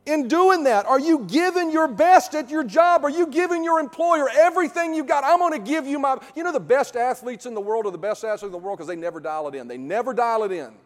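High-voiced preaching man, echoing hall. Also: animated, a little fast, few pauses, soft background music. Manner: emphatic preaching, rhetorical questions, builds to loud peaks. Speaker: pastor. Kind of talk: sermon. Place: church sanctuary.

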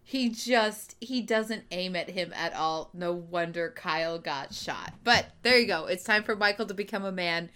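A woman's voice: fairly low pitch, moderate pace, few pauses, pushed and bright, clean tone. A woman co-hosting a podcast who gives wry, joking commentary on a TV episode. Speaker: podcast co-host. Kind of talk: casual TV recap chat.

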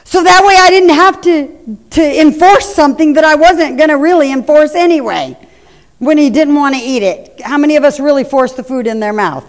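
Speaking at normal speed in a voice that sits high, a middle-aged woman preaches in a church hall. Her sermon is conversational and anecdotal, told as stories aimed at the congregation, and the echoey hall adds long reverb.

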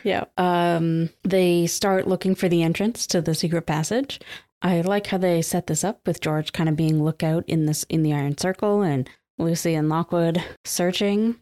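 A woman's voice: on the low side, fairly even intonation, moderate pace, warm tone. A woman co-hosting a casual book-discussion podcast, enthusiastic and laughing often. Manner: enthusiastic, laughs often, reads passages aloud. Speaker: podcast co-host. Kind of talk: casual book-club chat.

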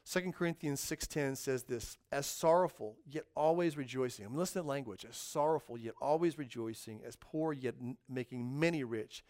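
A man preaching a sermon, animated and acting out voices in his illustrations. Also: medium pitch, a little fast, few pauses.

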